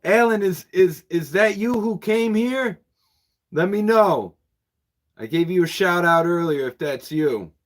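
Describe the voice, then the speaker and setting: A man's voice: sits high, lively intonation, a little slow. A man who runs a used bookshop, chatting casually and at a rambling pace with viewers on a livestream, chuckling often.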